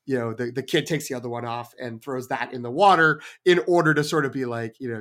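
A man co-hosting a casual film review podcast, retelling scenes with quoted lines and lively storytelling. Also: mid-range voice, quick pace. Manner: animated storytelling with quoted voices. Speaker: podcast co-host.

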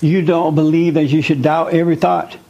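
An earnest male teacher preaching to a small group, coaxing them along with questions and repeated words. His voice sits a little high for a man. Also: little pitch movement, fairly quick, creaky, warm tone, dull audio. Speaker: spiritual teacher leading a group. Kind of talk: interactive sermon with audience questions.

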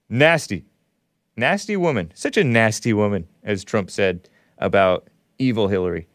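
A man's voice: on the low side, normal speed, dry recording, studio quality. Blunt, scornful man hosting call-in radio. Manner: blunt, combative, scornful, with short dismissive laughs. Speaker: call-in radio show host. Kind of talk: call-in talk radio monologue.

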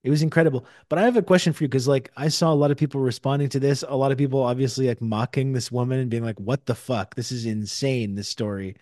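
A man's voice: medium pitch, steady tone, rapid-fire, hardly any pauses, a little mellow, dry recording, clean studio sound. A man hosting a podcast in casual chat, recapping a story in a conversational way.

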